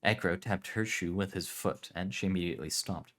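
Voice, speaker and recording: A man calmly narrating a story for a relaxed listen. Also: sits low, fairly quick.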